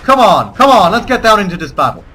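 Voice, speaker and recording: A man's voice: high-pitched, very animated, quick pace, pushed and bright, faint music behind. A man giving gameplay commentary, switching between theatrical rallying speeches and swearing asides. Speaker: let's play gamer.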